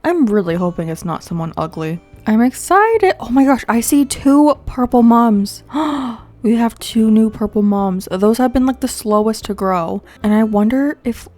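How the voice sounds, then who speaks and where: A young woman giving casual commentary while playing a video game, excitable and quick to gasp and laugh. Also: a little high, faint music behind. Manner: excitable, gasps and laughs often. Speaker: gaming video creator.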